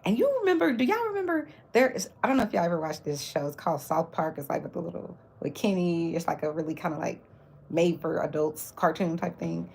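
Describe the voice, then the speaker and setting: A woman's voice: on the low side, expressive, brisk, gravelly, darkish tone, slightly rough. A woman hosting her own livestream, chatting casually about celebrity gossip with mocking asides. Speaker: livestream host.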